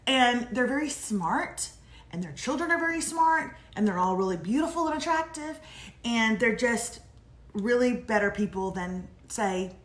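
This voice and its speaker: A chatty woman in her forties co-hosts a casual live morning show and spins animated stories. Her voice sits a bit high. The room gives it a noticeable echo. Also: measured pace. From Texas. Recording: echoey room.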